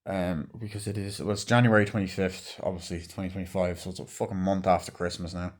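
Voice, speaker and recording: A man's voice: low-pitched, little pitch movement, fast. A man in his twenties rambling in a casual vlog at home late at night, swearing often and drifting off on tangents. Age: 20s. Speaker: movie vlogger. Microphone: phone camera.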